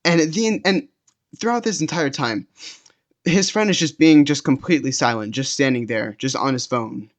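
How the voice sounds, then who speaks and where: A man's voice: fairly high pitch, normal speed. A young man telling a story casually, rambling, with lots of fillers and restarts. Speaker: storytime vlogger.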